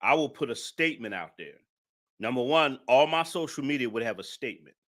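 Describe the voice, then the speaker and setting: A man's voice: mid-range voice, expressive, a little fast, fairly bright tone. A man giving live-stream commentary, emphatic and repeating his points with indignant rhetorical questions.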